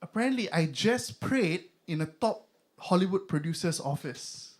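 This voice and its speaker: A man's voice: high voice, expressive, normal speed. A young man with a Singaporean accent performing a stand-up comedy set, chatty and loose, with lots of fillers. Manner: conversational, filler-heavy, mock voices for bits.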